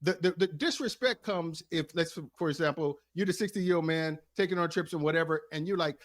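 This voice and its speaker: A man with a slightly high voice makes his case on a lively panel. He stumbles and restarts, then pushes through with firm reasoning and a sarcastic edge. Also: fairly quick, few pauses. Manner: argumentative, restarts often, sarcastic. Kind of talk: heated group debate.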